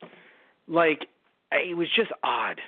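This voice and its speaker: Male podcast co-host, sarcastic rambler, slightly high voice, dry phone-like audio. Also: animated, slow pace, creaky, slightly rough, no room sound. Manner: rambling, sarcastic, swears freely. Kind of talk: casual movie review chat.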